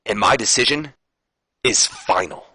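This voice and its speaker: A man's voice: on the low side, animated, unhurried, bright, forceful tone, husky, no echo, exaggerated voice. A man voicing a stern, self-righteous male wrestling team captain with firm, lecturing lines. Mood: dismissive.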